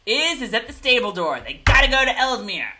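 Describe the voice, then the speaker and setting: Bright, lively woman recapping a show. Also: a little high, fairly quick, slight background noise. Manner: animated, giggly, acts out scenes in voices. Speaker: podcast co-host recapping a TV episode. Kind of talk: casual chat.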